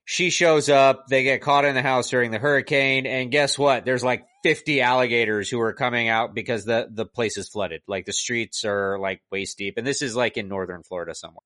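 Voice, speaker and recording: A man's voice: mid-range voice, fairly even intonation, brisk, hardly any pauses, fairly bright tone, no echo. Rambling man on a podcast, dry sound. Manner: rambling, exasperated retelling full of "like". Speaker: podcast co-host reviewing a movie. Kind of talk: casual chat.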